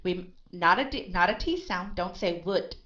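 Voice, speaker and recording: A woman teaching English pronunciation, repeating words slowly and correcting her student, with Vietnamese as her first language. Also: fairly low pitch, expressive, fairly bright tone. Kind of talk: online pronunciation lesson. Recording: dull lo-fi sound.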